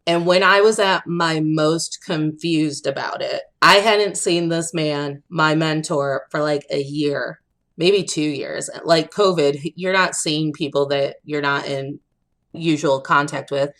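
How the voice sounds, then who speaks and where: A woman's voice: sits low, takes it slowly. Chatty young woman telling stories. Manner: animated storyteller, acts out quotes, laughs often. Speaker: podcast co-host. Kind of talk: casual chat, storytelling.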